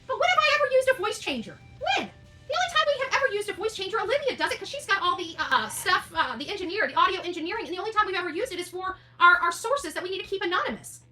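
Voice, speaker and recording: A woman's voice: extremely high pitch, lively intonation, very fast, sharp tone, soft background music. Emphatic, combative woman in her forties. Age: 40s. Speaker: online streamer. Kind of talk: indignant livestream rant.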